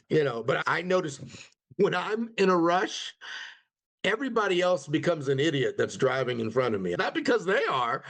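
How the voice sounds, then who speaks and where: A man leading a webinar on conflict resolution. He talks conversationally and jumps into quoted lines with sudden rises in pitch. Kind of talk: webinar presentation.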